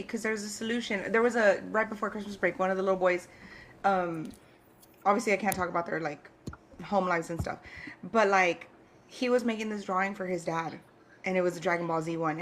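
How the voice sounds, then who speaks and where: A woman's voice: mid-range voice, fairly bright tone, slight background noise. A woman co-hosting a casual chat, talking easily and laughing often between stories. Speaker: co-host.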